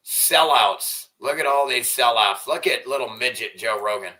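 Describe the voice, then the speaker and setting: A man's voice: medium pitch, animated, moderate pace, pushed and bright. A man livestreaming from home, ranting angrily and swearing a lot as he chats with viewers. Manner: angry, profane ranting. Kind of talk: livestream rant and chat.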